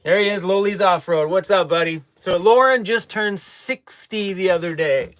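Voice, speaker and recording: A man's voice: on the high side, normal speed, fairly bright tone, dry recording. A man chatting casually in a vlog, rambling a bit and repeating words. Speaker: vlogger. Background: a dog in the room.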